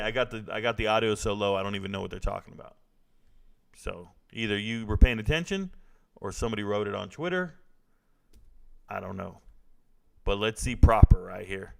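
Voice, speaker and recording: A man casually commenting live on a fight broadcast, reacting excitedly and talking to his chat. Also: lowish voice, brisk, vocal fry.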